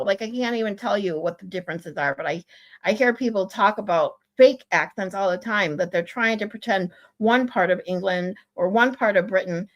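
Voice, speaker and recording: A woman with a Michigan accent and a high, nasal voice, chatting casually on a livestream, laughing often. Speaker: livestream co-host. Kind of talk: casual chat.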